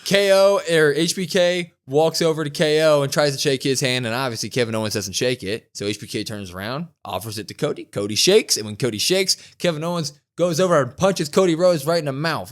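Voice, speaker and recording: A young man co-hosting a podcast, casually recapping a wrestling show and acting out the quotes in a louder voice. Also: on the high side. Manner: animated retelling, acting out quotes with a raised voice. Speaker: podcast co-host.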